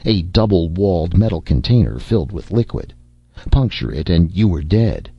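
A man narrating a novel as an audiobook reader, with an expressive, varied delivery. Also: low voice, moderate pace, vocal fry, husky, no echo. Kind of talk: scripted narration. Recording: dull, dry lo-fi recording.

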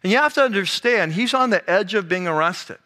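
A male pastor giving a conversational, animated sermon, acting out the scenes he describes. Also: sits high, fairly quick.

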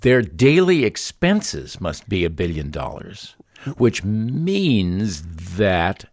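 Low-voiced indignant man on radio. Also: sing-song, slow pace, dry recording, clean studio sound. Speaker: radio co-host. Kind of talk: casual talk radio banter.

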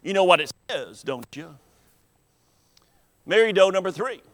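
A preacher with a high, lifted voice delivers an earnest sermon at an unhurried pace. His words ring out with a long reverb through a large church sanctuary. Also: lively intonation, a bit bright. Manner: earnest, deliberate preaching with emphatic pauses.

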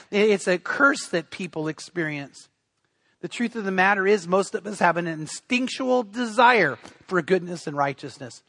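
A middle-aged male pastor with a high voice preaches a sermon and tells stories like he is chatting. He often stumbles and restarts his sentences. The sound is dry and close. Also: pushed and bright, no room sound. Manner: storytelling, conversational with frequent restarts.

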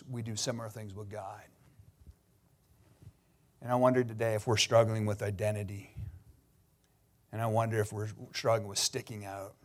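Man, pastor, sermon, earnest storytelling, fairly low voice, middle-aged. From Canada. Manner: earnest, personal storytelling, emotional at times.

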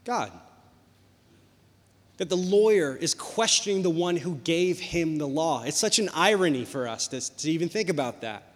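Young pastor preaching in a big hall. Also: male voice, a little high, moderate pace. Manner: storytelling, animated, conversational preaching. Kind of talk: sermon. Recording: long hall reverb.

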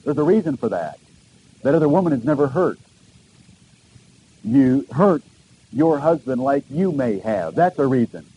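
A man's voice: medium pitch, very animated, normal speed, long pauses, mellow, a little hiss or hum, low-quality recording. A middle-aged man preaching a sermon to a congregation, posing searching questions and repeating key phrases for emphasis. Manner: earnest, questioning delivery with emphatic repetitions. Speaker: pastor.

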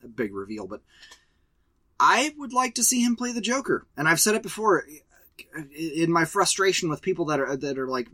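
A man's voice: a little high, very animated, moderate pace, bright, forceful tone, no echo. Blunt, profane man reviewing movies. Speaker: podcast co-host. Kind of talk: casual movie review chat.

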